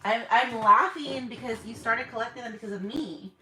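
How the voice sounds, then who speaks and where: A woman chatting casually to viewers while she packs orders, self-mocking and counting items out loud. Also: on the high side, normal speed, slight background noise. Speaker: small online shop owner. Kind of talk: casual vlog chat to viewers.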